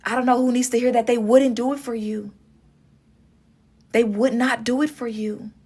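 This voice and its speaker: A woman's voice: on the high side, steady tone, moderate pace, mellow, slightly rough. A woman doing a casual tarot reading, talking straight to her viewers with emphatic repetition. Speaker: tarot reader.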